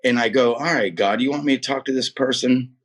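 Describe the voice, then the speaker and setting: Husky-voiced man telling his testimony. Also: mid-range voice, a little fast. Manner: slangy and emphatic, repeats words, calls listener "man" and "dude". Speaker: guest sharing a faith testimony. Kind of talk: casual storytelling testimony.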